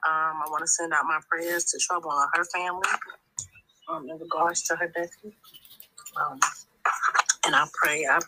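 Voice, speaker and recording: A woman caller with a low but bright voice and a forceful, slightly rough tone phones in to a talk show over poor audio. Her impassioned commentary is long-winded and emphatic, and she often restarts her sentences.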